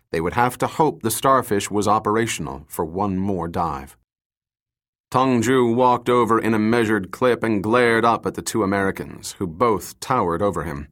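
A man narrating an audiobook thriller in a somewhat low voice. His reading is steady and measured, and he moves through the scenes at an even pace. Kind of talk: scripted narration.

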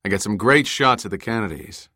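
A man's voice: lowish voice, lively intonation, fairly quick, pushed and bright, husky, no echo, clean studio sound, exaggerated voice. A man voicing a friendly, stocky cameraman in an audiobook, speaking in a chummy way.

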